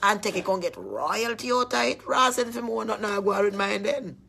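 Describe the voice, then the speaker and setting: A woman's voice: medium pitch, expressive, normal speed, creaky, bright, forceful tone, slight background noise. A woman chatting casually with her viewers, teasing and laughing often.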